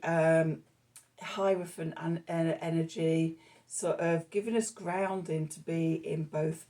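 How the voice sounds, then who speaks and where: A woman talks through a tarot spread in an unhurried, meandering way. Her voice sits a little low and sounds warm and relaxed. She pauses often with soft fillers while she gathers her thoughts. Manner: meandering and reflective, many fillers. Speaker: tarot reader. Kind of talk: spoken tarot reading.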